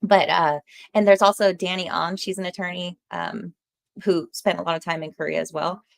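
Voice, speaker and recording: Podcast host: animated woman, quick to laugh, casual chat. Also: lowish voice, creaky. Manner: animated, laughs often, talks with her hands.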